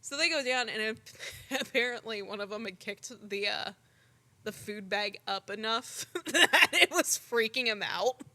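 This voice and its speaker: A young woman co-hosting a podcast, telling stories in an animated, casual way full of "like" and the odd swear word. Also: a little high, unhurried. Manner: animated storytelling, frequent "like" and swearing. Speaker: podcast co-host. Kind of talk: casual chat.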